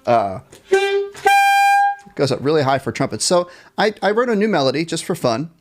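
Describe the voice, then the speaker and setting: A man's voice: a little high, huge pitch swings, moderate pace, loud music behind the voice. A man teaching a live online jazz band class from his computer. He counts the band in, scats the melody lines and laughs off his own small mistakes, friendly and encouraging. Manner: self-deprecating about small mistakes. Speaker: music teacher.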